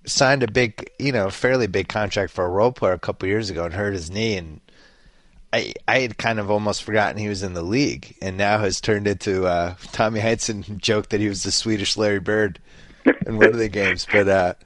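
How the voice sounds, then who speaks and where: A man's voice: lowish voice, fairly even intonation, a little fast, a bit bright. A man, hosting a casual sports chat and rambling along with lots of fillers. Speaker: podcast host.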